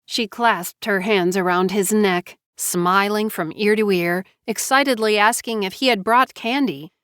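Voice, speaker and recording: A woman narrating a family saga audiobook in a measured storytelling delivery. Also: mid-range voice, a bit bright, clear, resonant tone, no echo, clean studio sound.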